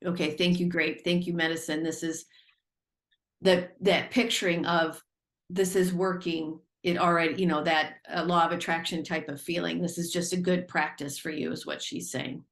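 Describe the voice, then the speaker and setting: Brief: woman psychic reader, soft and meandering, roomy video-call sound. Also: lowish voice, fairly even intonation, normal speed. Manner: gentle, filler-heavy, relaying messages. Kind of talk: intuitive reading on a podcast.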